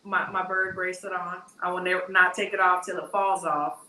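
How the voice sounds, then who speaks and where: A woman's voice: on the low side, little pitch movement, a little fast, bright, forceful tone. A woman from Texas, hosting a boxing talk show in a chatty, casual way that often repeats words as she starts a phrase. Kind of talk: casual interview chat. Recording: echoey room, distant mic.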